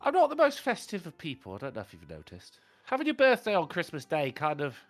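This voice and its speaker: English man, high bright voice, dry grumpy swearer, lively pitch. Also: quick pace. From England. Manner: sardonic, grumpy, swears a lot. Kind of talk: casual chat.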